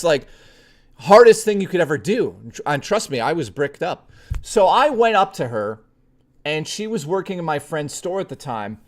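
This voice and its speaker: A male streamer telling a story to his live chat in a blunt, profane, chatty way, speaking straight to his viewers. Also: fairly high pitch.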